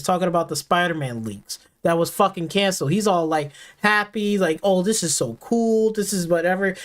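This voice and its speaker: A man hosting a gaming stream launches into an angry, profanity-heavy reaction rant packed with repetition. His voice is high-pitched and a bit bright.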